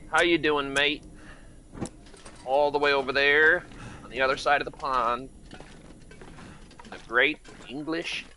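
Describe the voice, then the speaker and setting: A man's voice: on the high side, fairly even intonation, measured pace, long pauses, pushed and bright, a little hiss or hum. A man from Michigan chatting casually with viewers while streaming a game, rambling and greeting people by name. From Michigan, United States. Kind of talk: casual live-stream chat while playing.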